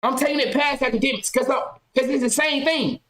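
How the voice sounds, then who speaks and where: A woman hosting a podcast, talking loudly and passionately, firing off rhetorical questions in casual commentary. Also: high voice, a little fast, reverberant, poor audio. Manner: loud, impassioned, rhetorical questions. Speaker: podcast host.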